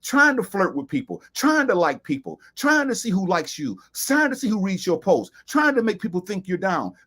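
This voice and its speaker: A man's voice: high-pitched, sing-song, normal speed, bright, forceful tone, husky. A man hosting a talk broadcast, speaking emphatically in a preaching style, quoting sayings and repeating phrases for stress. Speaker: host.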